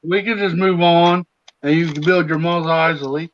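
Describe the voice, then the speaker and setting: Co-host guy being reassuring, laughs a lot, slightly high voice, muffled lo-fi audio. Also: fairly even intonation, moderate pace, fairly bright tone. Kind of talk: casual livestream chat. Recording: dull lo-fi sound.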